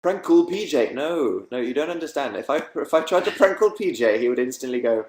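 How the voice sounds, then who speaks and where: A young English man hosting a casual livestream from his bedroom, chatty and quick to laugh, reading out viewer comments. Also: medium pitch, very animated, darkish tone, reverberant. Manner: chatty, bursts of laughter, reads comments aloud. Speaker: livestream host. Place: bedroom at home.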